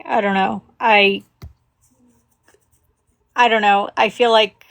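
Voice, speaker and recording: Gentle gravelly woman. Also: medium pitch, dry recording. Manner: gentle, caring, hesitant. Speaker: live stream guest. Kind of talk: casual chat.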